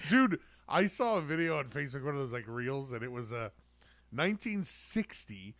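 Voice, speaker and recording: A man co-hosting a podcast in casual chat, excitable, swearing and laughing a lot. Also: mid-range voice, normal speed. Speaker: podcast co-host.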